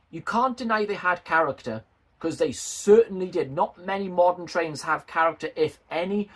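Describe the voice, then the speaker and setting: A man chatting casually and jokingly to his video viewers, self-deprecating and friendly. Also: a little high. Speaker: model railway YouTuber.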